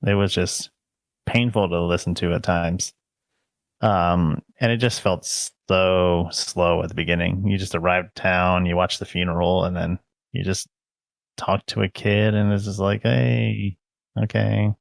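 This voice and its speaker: A man's voice: low voice, level tone, normal speed, dry recording, studio quality. A man on a podcast talking casually and with a drawl, sounding unimpressed with a game. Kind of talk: casual chat.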